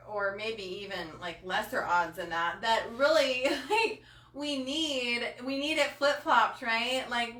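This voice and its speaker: A woman's voice: on the high side, sharp tone. A woman coach hosting a live talk to her viewers, passionate and emotional, with many fillers. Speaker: coach hosting a live body-image training. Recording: roomy sound from a distant mic.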